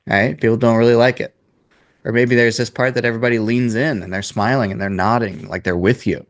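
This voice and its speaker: A man's voice: mid-range voice, steady tone, a little fast. A man in his twenties coaching a sales class in a casual, blunt way, swearing freely. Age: 20s.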